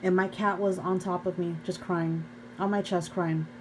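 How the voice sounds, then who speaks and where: A woman's voice: on the low side, flat delivery, normal speed, a little hiss or hum, low-quality recording. A young woman vlogger earnestly telling an emotional personal story to her viewers, often calling them "you guys". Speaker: faith vlogger.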